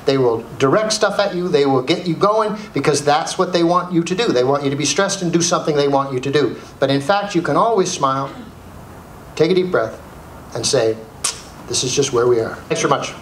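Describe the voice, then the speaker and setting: Animated comic speaker in an echoey room. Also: male voice, a little high, brisk. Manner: animated, audience questions, repeats key phrases. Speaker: comedic speaker. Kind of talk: comedic motivational talk. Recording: echoey room, faint noise.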